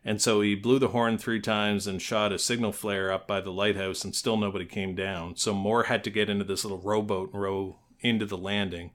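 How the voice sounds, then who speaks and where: A man with a nasal voice that sits low in pitch yet sounds bright and forceful. He talks in a loose, rambling way on a casual podcast, swears freely and pokes fun at himself. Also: little pitch movement, a little fast, hardly any pauses. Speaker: podcast co-host. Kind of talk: casual chat.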